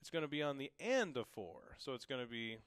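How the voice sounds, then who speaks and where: A man teaching drums in a relaxed, reassuring way, calling out strokes and counts as he plays. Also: medium pitch, fairly quick, over loud music. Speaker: drum teacher. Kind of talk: casual instructional talk. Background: drum kit playing.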